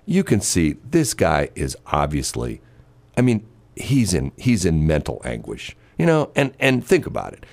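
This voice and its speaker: A man's voice: sits low, wildly swooping pitch, unhurried, darkish tone. A man hosting a casual chat, telling a long story in a rambling way with many fillers and restarts.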